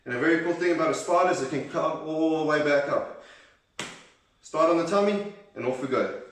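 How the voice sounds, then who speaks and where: A man's voice: on the high side, fairly quick, a little hiss or hum. A man leading a children's workout, cheerfully encouraging and counting reps aloud, sometimes out of breath. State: out of breath at times. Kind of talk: leading a kids' exercise class. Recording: very echoey room, voice from a distance.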